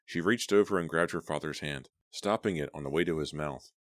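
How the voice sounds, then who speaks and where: A man narrating a horror novel as an audiobook, steady and deliberate. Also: extremely low pitch, no echo, clean studio sound.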